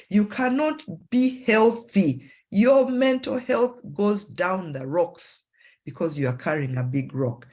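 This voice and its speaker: A woman psychologist with a Ugandan English accent giving a motivational talk, acting out self-talk in a raised voice. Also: husky. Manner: animated, acts out self-talk in a high voice.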